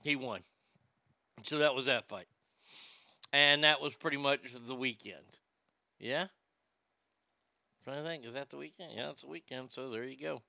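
Male stream host, profane ranting chat; smooth, clear voice, dry close sound. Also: mid-range voice, moderate pace, pauses often, bright, forceful tone, no room sound. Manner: ranting, profane, reads viewer comments aloud. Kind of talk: casual live stream chat.

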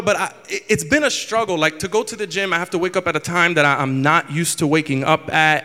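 A man's voice: on the high side, gravelly, fairly bright tone, long reverb tail. A man in his twenties preaching a candid, self-deprecating sermon, often restarting his sentences. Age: 20s.

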